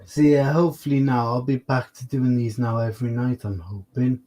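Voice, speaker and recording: Laid-back man, mellow voice. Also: mid-range voice, fairly even intonation, moderate pace, rough recording. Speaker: livestream host. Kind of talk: casual chat.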